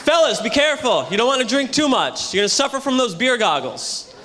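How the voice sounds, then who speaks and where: A man doing a loud, punchy stand-up comedy set on a hotel ballroom stage, with a live audience audible. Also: extremely high pitch, big pitch swings, a little fast, faint music behind. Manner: loud, punchy delivery to a crowd.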